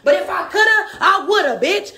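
A woman's voice: very high-pitched, expressive, moderate pace, sharp tone. A woman from a reality show speaking straight to the camera, taunting and trash-talking with heavy swearing and bursts of laughter. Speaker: reality show cast member. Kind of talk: direct-to-camera rant.

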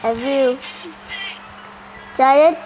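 A woman giving casual gameplay commentary, excitable and full of surprised questions. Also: sits high, extremely slow, music in the background, low-quality recording. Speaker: gaming channel host.

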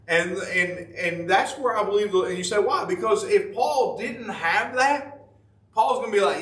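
A man's voice: sits high, brisk, a bit bright. A man preaching a devotion, folksy and repetitive, rising into fervent emphasis. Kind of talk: sermon. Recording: echoey room, voice from a distance.

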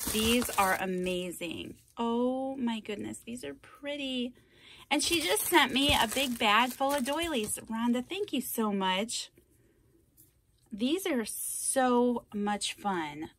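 A woman's voice: mid-range voice, a bit bright, dry recording. Gushing woman opening crafty mail. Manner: gushing, effusive, repeats thanks. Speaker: craft channel host. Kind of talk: casual mail-opening vlog.

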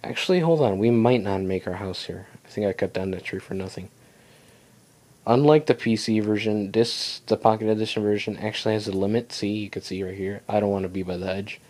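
Young male let's-play host, low voice, chatty and rambling self-talk. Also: brisk, darkish tone. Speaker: gaming channel host. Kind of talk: casual let's play commentary.

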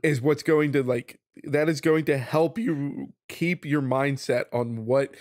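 A man co-hosting a casual lore podcast, taking his time as he explains things. He speaks slowly, rambles a little, and sounds close and dry. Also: medium pitch, darkish tone, dry recording. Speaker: podcast co-host.

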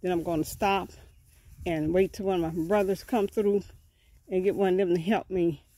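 Her voice is on the low side and dark, with fairly even intonation and normal speed, in a dry recording. Outdoors on rural land, the breathless woman vlogs casually to her viewers. She is chatty and folksy, repeating words often and addressing her audience as family.

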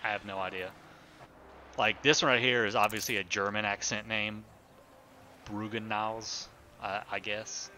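His voice is on the low side, steady, bright, and forceful, at normal speed, with a little hiss or hum in the recording. Streaming a city-building game, he thinks out loud in a loose, meandering way, stumbling over fillers and self-corrections while chatting with his viewers.

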